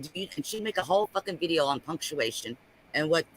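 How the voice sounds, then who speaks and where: A man talking on a casual live stream, animated and ranting, repeating himself as he makes his point. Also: a little high, fast talker, no echo, poor audio.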